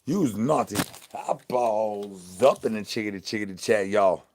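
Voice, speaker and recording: Crude male zombie, drawl, rambling nonsense rhymes, lowish voice, played by a man. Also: animated, a little slow, a little mellow. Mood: teasing. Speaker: comedy channel host. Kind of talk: improvised comedy rant.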